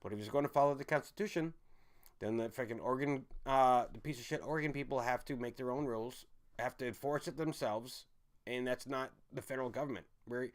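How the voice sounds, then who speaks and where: A man hosting a rambling online commentary stream, ranting and often restarting his sentences while talking to his audience. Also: mid-range voice. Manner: ranting, with frequent restarts and stumbles; addresses the audience as folks and guys.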